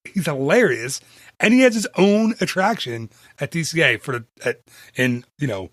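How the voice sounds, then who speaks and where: A man hosting a casual podcast chat into a studio microphone, animated and laughing often. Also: fairly high pitch, moderate pace, no room sound. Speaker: podcast host.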